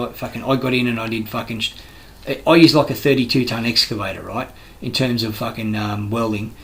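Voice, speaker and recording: A man's voice: mid-range voice, a bit bright, rough recording. A man with an Australian accent, a construction worker delivering a rambling, heated, profane monologue full of restarts. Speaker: construction worker giving his views.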